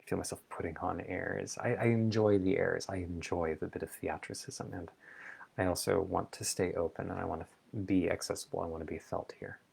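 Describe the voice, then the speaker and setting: A man hosts a reflective solo talk and thinks aloud with playful asides. His voice sits low and carries a steady vocal fry, and he lets his thoughts unfold at an exploratory pace. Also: brisk. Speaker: vlog host.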